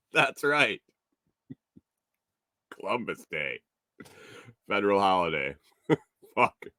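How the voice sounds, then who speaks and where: A man's voice: lowish voice, very animated, very slow, pauses often, bright, forceful tone, no echo, studio quality. A man hosting a casual morning show, telling a story with frequent chuckles and cursing, and reading out viewer comments. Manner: chuckles through his story, swears freely, reads viewer comments. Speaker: show host.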